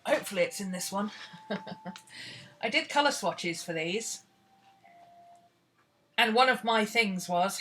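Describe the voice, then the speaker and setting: A woman's voice: mid-range voice, animated, takes it slowly, long pauses, fairly bright tone, slight background noise. A British woman teaching painting in a casual, rambling tutorial, chatting and talking to herself as she works. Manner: chatty, rambling, talks to herself while searching. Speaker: art teacher.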